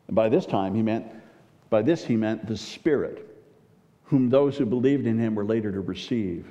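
A man's voice: on the low side, normal speed, warm tone. A man preaching a Bible teaching sermon, putting rhetorical questions to his listeners. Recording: dull recording with long hall reverb.

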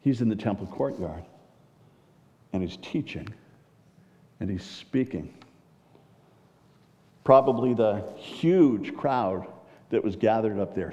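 A man's voice: lowish voice, dark tone. A man preaching a Bible teaching sermon, putting rhetorical questions to his listeners. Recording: dull recording with long hall reverb.

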